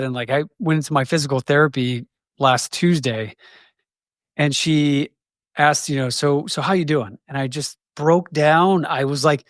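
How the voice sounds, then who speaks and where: A man in his forties speaking candidly as an interview guest, reflective and halting, often restarting sentences. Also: a little high, a bit bright, dry recording, studio quality. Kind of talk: candid conversation.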